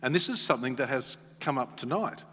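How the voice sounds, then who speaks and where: A man's voice: medium pitch, animated, a little fast, pushed and bright, breathy edge, in a large hall. A man, a radio host moderating a stage interview, asking questions in a conversational, anecdotal way.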